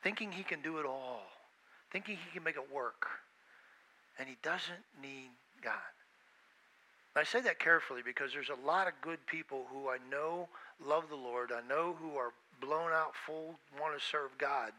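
A man's voice: a little high, moderate pace, sharp tone, rough recording. A man preaching a sermon with emphasis, repeating phrases and acting out the voices he quotes. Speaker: pastor.

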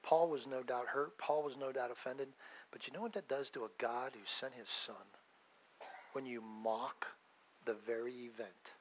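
A middle-aged male pastor preaching a sermon with emphatic swings between loud declarations and hushed asides. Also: mid-range voice, steady tone, normal speed, slight background noise, poor audio.

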